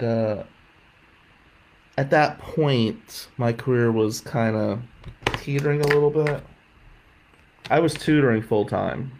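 A man's voice: mid-range voice, rough recording. A man telling his own life story with candor, rambling and swearing when upset, a faint hiss behind him. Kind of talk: emotional personal storytelling. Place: jail visiting room.

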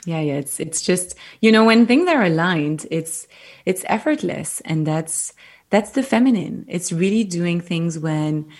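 Woman, French accent, low voice, animated storytelling, gentle advice. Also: measured pace. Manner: animated storyteller, gentle and reflective when advising. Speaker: podcast guest. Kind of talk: casual interview chat.

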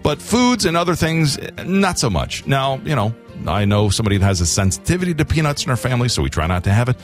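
Animated man co-hosting radio. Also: medium pitch, fast talker, soft background music. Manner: joking, animated storyteller. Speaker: radio co-host. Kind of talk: morning radio banter.

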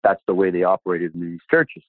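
Man, low voice, lively storyteller, tinny phone-like sound, dry room. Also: brisk, no room sound. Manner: animated storyteller acting out quoted dialogue. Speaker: guest. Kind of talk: personal testimony storytelling.

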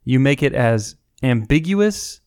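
A man's voice: mid-range voice, expressive, slow pace, darkish tone, clean tone, no echo, studio quality. A man in his late thirties with an ordinary mid-range voice, co-hosting a casual podcast. He tells stories with playful asides and laughs often. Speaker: podcast co-host. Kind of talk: casual chat.

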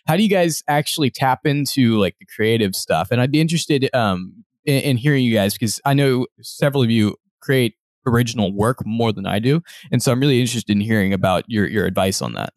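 A man's voice: medium pitch, animated, a little fast, few pauses. A man who teaches music leans into the conversation with questions, thinking aloud as he goes. His voice sits in the middle range. The sound is close and dry, with no room echo. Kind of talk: casual group discussion.

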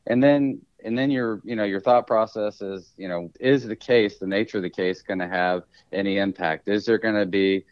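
Halting low-voiced man, muffled audio. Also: steady tone, clear, resonant tone, dry recording. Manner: halting, many restarts and fillers. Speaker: appraiser and auctioneer. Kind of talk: conversational podcast interview.

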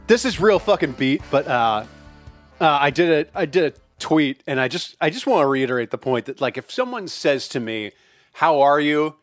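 An animated man co-hosts a podcast, his pitch swinging widely as he talks. He swears casually and greets guests with big enthusiasm. The sound is dry and close, with little room echo. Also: moderate pace, soft background music. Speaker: podcast co-host. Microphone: remote call mic.

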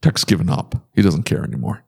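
Animated man ranting in casual chat. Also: quick pace, creaky, breathy edge. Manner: animated, exasperated ranting with big pitch jumps.

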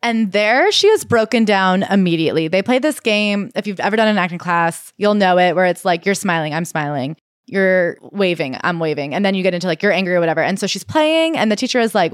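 With a medium-pitched voice and a brisk delivery, a young woman co-host recounts a memoir in a relaxed way, bringing it to life by performing each quoted voice. The audio is dry and studio-grade.

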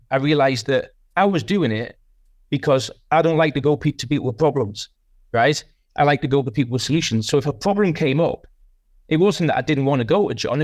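A man's voice: on the high side, no echo, clean studio sound. A man, a sales leader guest, talks through his experience in a rambling, self-reflective way with many restarts. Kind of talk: casual podcast interview.

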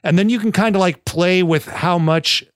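Chatty man, a touch high. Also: normal speed, dry recording, clean studio sound. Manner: chatty, rambling with many fillers. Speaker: podcast co-host. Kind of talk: casual chat.

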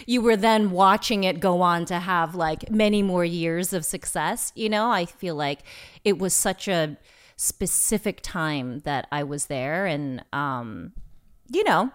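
A woman's voice: fairly low pitch, measured pace, clear, resonant tone. Chatty woman guest on a video call. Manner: chatty, animated, many fillers. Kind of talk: casual podcast chat.

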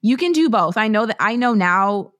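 A woman's voice: fairly high pitch, animated, moderate pace, fairly bright tone. A woman from Canada in her thirties, an author talking candidly and bluntly in an interview, with plenty of slang and swearing. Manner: blunt, profane and emphatic, full of slang. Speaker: author and podcast guest.

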